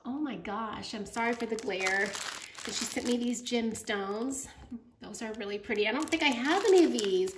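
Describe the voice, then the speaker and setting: A woman excitedly opening crafting gifts on camera in a casual, gushing vlog chat. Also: a little high, moderate pace. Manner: gushing, effusive. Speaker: craft vlogger. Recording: echoey room, faint noise.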